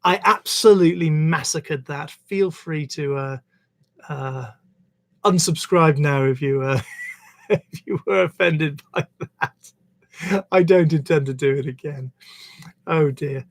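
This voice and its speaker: A man hosting a live poetry stream, reading scripture and verse aloud with measured phrasing and slipping into self-deprecating, apologetic asides between readings. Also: fairly high pitch, dry recording.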